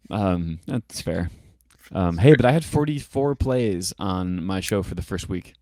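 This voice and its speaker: A man's voice: sits low, expressive, slow, long pauses, mellow, no echo, clean studio sound. A man who is a guest on a podcast, talking casually and thinking aloud as he goes. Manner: meandering, thinks aloud with many restarts. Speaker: podcast guest, author and musician. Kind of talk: casual chat.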